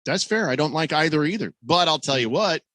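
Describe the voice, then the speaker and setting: A man's voice: fairly high pitch, lively intonation, a little fast, a bit bright, no room sound, clean studio sound. A man hosting a sports radio show, chatting casually and reading listener comments aloud. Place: radio studio. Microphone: studio microphone.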